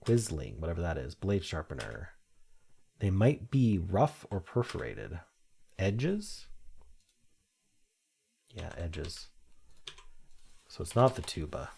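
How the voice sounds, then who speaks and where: A man's voice: low voice, vocal fry, warm tone, a little hiss or hum. A man thinking aloud while he solves a crossword, reading clues aloud and muttering half-sure guesses. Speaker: crossword-solving video host.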